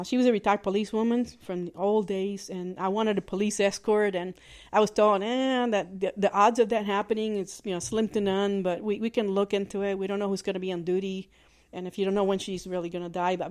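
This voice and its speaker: A woman hosting a podcast, telling a personal story in a candid, plainspoken way, with halting restarts and fillers. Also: medium pitch, fairly even intonation, a little mellow. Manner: candid and plainspoken, with mild swearing. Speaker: podcast host.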